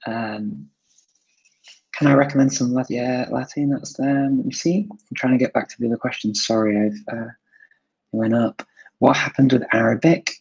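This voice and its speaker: A man's voice: mid-range voice, steady tone, moderate pace, gravelly, a little mellow, husky, dry recording, highs cut off. A man hosting a live stream, answering viewer questions in a thoughtful, casual way with many fillers, sometimes switching languages. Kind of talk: live Q&A chat.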